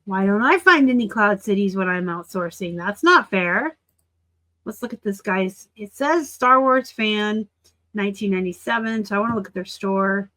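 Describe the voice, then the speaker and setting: A woman in her forties hosting a reseller channel, chatting casually and excitably as she looks over sold listings. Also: medium pitch, moderate pace. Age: 40s. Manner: chatty and excitable, gushing over items and teasing seller titles. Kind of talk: casual screen-share commentary.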